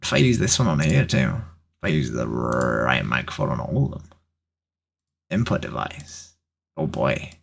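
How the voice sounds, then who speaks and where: A woman's voice: extremely low pitch, big pitch swings, unhurried, gravelly, pauses often, breathy edge. A woman streaming from home in casual live-stream chat, talking to herself between strangers and swearing freely. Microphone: desk microphone.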